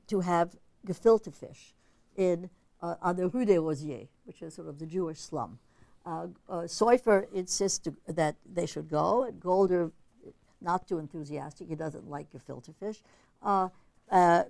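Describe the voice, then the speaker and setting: A woman's voice: fairly low pitch, vocal fry, a little mellow, dry recording. A woman giving an academic literature lecture in an analytical, conversational way, thinking aloud as she goes.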